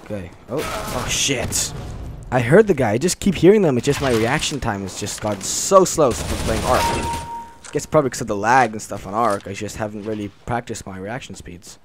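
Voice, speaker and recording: Excitable swearing gamer over gunfire. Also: male voice, mid-range voice, fairly quick, background noise. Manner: excitable, swears a lot, reacts out loud. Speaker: gaming channel host. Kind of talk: live gameplay commentary. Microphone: desk mic on a stand. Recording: loud gunfire under the voice. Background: shooter game gunfire.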